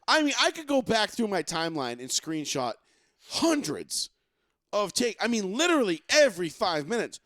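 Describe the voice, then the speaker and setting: Male sports podcast host, fired-up profane rant, higher voice, dry booth sound. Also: big pitch swings, moderate pace, a bit bright, dry recording. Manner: ranting, profane, mocking. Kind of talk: casual sports talk.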